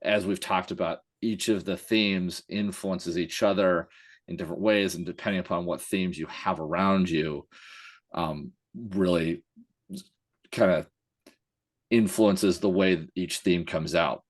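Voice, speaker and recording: A man's voice: deep voice, steady tone, measured pace. A male coach speaking hesitantly in a casual podcast chat, with many fillers and self-corrections.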